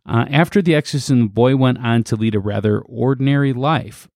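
A man's voice: medium pitch, a little fast, a little mellow, dry recording, clean studio sound. A man co-hosting a podcast, casually recounting a story with fillers and laughs. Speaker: podcast co-host.

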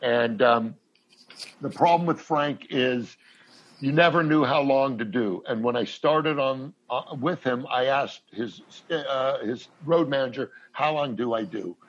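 A man, a comedian guest, telling long anecdotes in a halting, rambling way with many restarts. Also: mid-range voice, dull audio. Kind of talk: casual storytelling.

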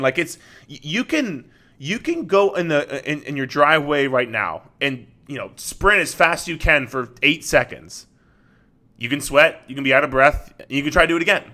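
A man's voice: mid-range voice, pushed and bright. A man who works as a fitness coach, talking straight to the listener in an earnest solo podcast monologue.

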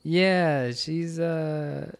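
A man's voice: fairly high pitch, fairly even intonation, drawn-out words, gravelly. A man co-hosting a podcast, talking through a film in a rambling, self-correcting way with frequent laughs. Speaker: podcast co-host. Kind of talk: casual film commentary chat.

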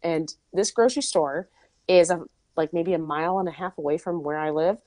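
A woman's voice: lowish voice, fairly quick, warm tone, no room sound. A woman host from Minnesota chatting casually, telling a story with lots of asides and "like". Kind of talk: casual chat.

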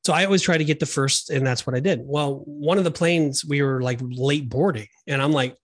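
A middle-aged man talks earnestly on a faith podcast, his voice sitting a little higher than most men's. He tells personal stories in a loose, conversational way, often stopping and restarting his sentences. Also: a little fast, hardly any pauses. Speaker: podcast co-host. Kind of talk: Christian discipleship podcast chat.

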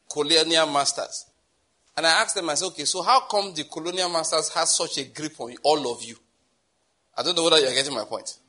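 A Nigerian man preaching in a loose, conversational way, circling back on his phrases and chuckling as he goes. His voice sits a little high for a man, with a forceful, bright edge and a husky grain. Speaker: pastor. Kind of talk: sermon.

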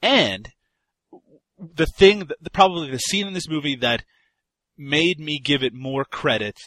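A man's voice: fairly high pitch, measured pace, sharp tone, dry recording. A man co-hosting a casual film review chat. He rambles, restarts often and laughs easily. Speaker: podcast co-host reviewing a film.

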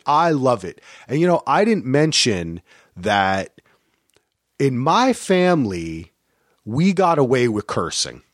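A middle-aged man chatting casually on a podcast, with a swooping, animated delivery. His voice sits at an ordinary pitch, and the sound is dry and close with no room echo. He slips into high, exaggerated voices when he acts out other people. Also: slow. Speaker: podcast co-host. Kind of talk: casual chat about a movie. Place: lives in Portland, grew up in New Jersey.

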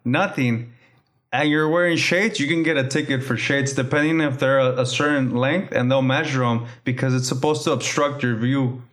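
A man's voice: medium pitch, moderate pace, fairly bright tone. A man in casual chat, blunt and profane, mixing English and Spanish.

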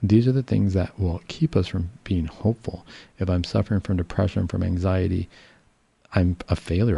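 A male psychiatrist giving a casual educational talk, calm and reassuring, explaining patiently with fillers and restarts. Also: sits low, moderate pace, creaky, breathy edge, dry recording, highs cut off.

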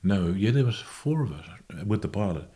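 A man, a guest musician, recalling his past in a casual interview with unhurried, halting, self-correcting speech. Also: on the low side, animated, mellow. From Australia.

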